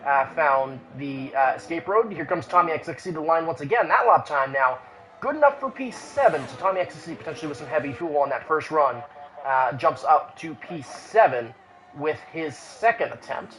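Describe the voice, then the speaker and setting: A man's voice: a little high, expressive, normal speed, fairly bright tone, poor audio. A man giving live commentary on an online sim racing qualifying session, with frequent "uh" fillers and restarts. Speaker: race commentator.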